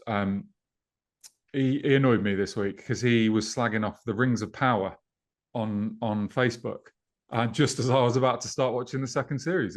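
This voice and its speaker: A man co-hosting a casual podcast, chatting and teasing his co-host in a dry way. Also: mid-range voice.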